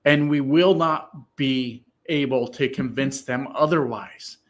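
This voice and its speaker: A man hosting a casual political livestream, reading viewers' comments aloud and answering them in a profane, emphatic way that turns loud and excited. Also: mid-range voice, slow pace.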